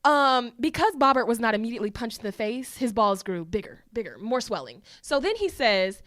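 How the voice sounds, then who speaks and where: A woman co-hosts a casual podcast. She tells stories in an animated way and swears freely. Her voice sits a bit high and sounds dry and close to the mic. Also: brisk, few pauses, no echo. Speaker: podcast co-host. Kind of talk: casual chat.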